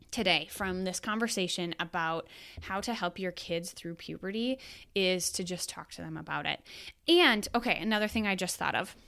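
Smooth-voiced chatty mom podcaster. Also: female voice, on the low side, a bit bright. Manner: chatty, frank, rambling with self-corrections. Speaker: podcast host and mother. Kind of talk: casual solo podcast monologue.

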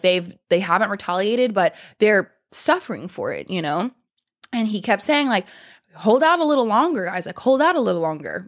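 Young woman rambling on her show, lots of likes and ums, chatty and loose. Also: fairly low pitch. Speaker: podcast host. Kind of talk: casual monologue.

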